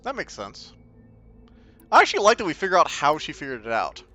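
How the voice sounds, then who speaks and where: A man's voice: on the high side, very animated, racing, pushed and bright, muffled recording, soft background music. A man hosting a let's-play, making chatty, joking asides over the game in casual commentary.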